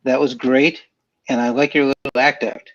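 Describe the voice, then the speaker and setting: A man judging a comedy game show on a video call, halting with fillers and joking as he scores. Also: mid-range voice, level tone, a bit bright, muffled recording. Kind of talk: casual scoring banter.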